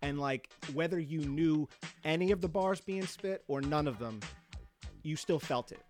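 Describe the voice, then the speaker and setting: A man co-hosting a podcast, telling a story in relaxed casual chat, excited and swearing freely. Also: fairly high pitch, moderate pace, faint music behind. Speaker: podcast co-host.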